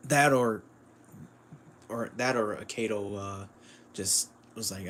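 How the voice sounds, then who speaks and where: A man with a fairly low voice gives loose, casual livestream commentary on a manga he is reading. He rambles, stacks up fillers and breaks into chuckles as he goes. A faint hum of noise sits under his desk-mic sound. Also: takes it slowly, fairly bright tone. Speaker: streamer reviewing manga.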